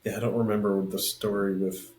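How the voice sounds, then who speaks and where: A man's voice: fairly low pitch, little pitch movement, a little mellow. A man co-hosting a podcast in casual chat, telling easygoing stories and stopping to recall details. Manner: easygoing storyteller, laughs along, pauses to recall details. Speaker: podcast co-host. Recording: roomy echo on the voice.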